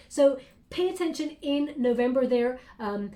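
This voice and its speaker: A woman with a fairly high voice gives a casual tarot reading straight to camera. She talks in an encouraging, reassuring way, stopping often with fillers and starting sentences over. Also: expressive, moderate pace. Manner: warm, encouraging, many fillers and restarts. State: briefly emotional. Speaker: tarot reader.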